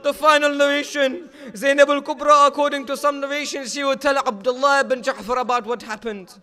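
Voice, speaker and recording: A man preaching a mourning sermon, narrating with passion and rising to shouts at its peaks. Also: very high-pitched, little pitch movement, a little fast.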